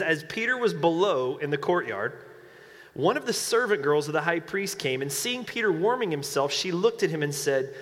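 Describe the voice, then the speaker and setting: A man preaching a sermon to a congregation, animated and emphatic, with joking asides. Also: a little high. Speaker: pastor. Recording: long hall reverb.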